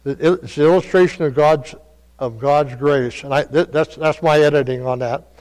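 A man preaching a sermon, telling stories in a folksy way that moves between quiet asides and loud calls. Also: fairly high pitch, moderate pace. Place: church. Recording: long reverb of a church hall.

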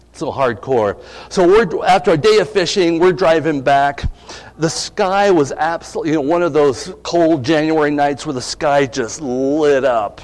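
A middle-aged male pastor preaching a sermon, conversational and asking his congregation questions. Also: medium pitch. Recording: long reverb of a hall.

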